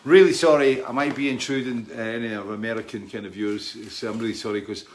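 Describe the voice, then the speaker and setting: A man's voice: mid-range voice, fairly even intonation, fast talker. Rambling friendly male livestream host. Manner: rambling, friendly, reads out viewer names. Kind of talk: casual live-stream chat.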